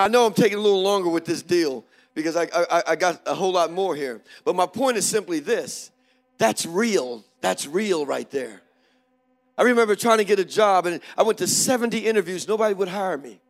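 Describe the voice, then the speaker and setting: A middle-aged male preacher telling a personal story in a sermon, animated, swinging from hushed moments to loud exclamations. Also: high voice.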